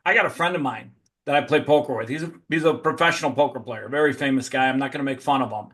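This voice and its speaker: A man's voice: mid-range voice, quick pace, fairly bright tone. A man hosting a podcast, telling stories bluntly and swearing constantly in casual conversation. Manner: blunt, profane storyteller. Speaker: podcast host.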